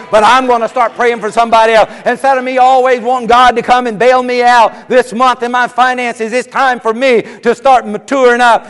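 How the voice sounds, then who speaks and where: A man with a very high, piercing voice preaches, heating up into shouted, repeated lines. His words ring out with a long echo through a large hall. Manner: fervent, building to shouts, repetitive cadences. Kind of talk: sermon.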